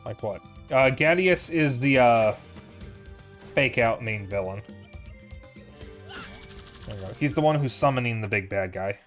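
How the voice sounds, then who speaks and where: A man's voice: mid-range voice, moderate pace, fairly bright tone, soft background music. Casual, profane young male game streamer. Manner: candid, profane, rambling with fillers. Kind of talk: casual gameplay commentary.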